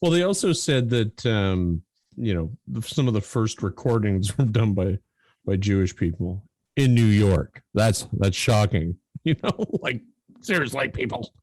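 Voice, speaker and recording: Low-voiced, animated man chatting. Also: unhurried, no echo. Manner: animated, swears freely, laughs often. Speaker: podcast co-host. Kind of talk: casual chat.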